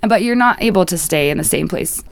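A young woman with a low, gravelly voice chats as an interview guest, rambling and reflective and full of "like". The sound is dry and close, with no room around it. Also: animated, a little fast, no room sound. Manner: rambling, heavy use of "like", reflective. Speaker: musician guest. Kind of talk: casual interview chat.

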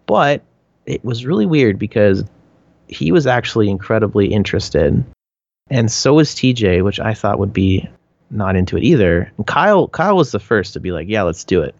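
A Canadian man talks through interview answers in a low, easygoing voice, full of fillers and restarts. The recording is dry and a bit muffled, with no room sound. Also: very animated, moderate pace, creaky, no room sound. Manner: rambling, frequent "like" and restarts, laughs often. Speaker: band member, interviewee.

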